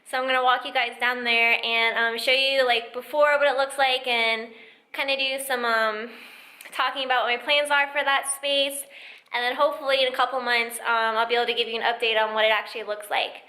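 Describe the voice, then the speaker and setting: Fairly high-pitched and fairly quick, this young woman speaks in a level, bright, forceful tone as she casually vlogs about her sewing space, peppering it with "um" and "like." The recording takes place indoors at home and in an empty basement, with an echoey sound.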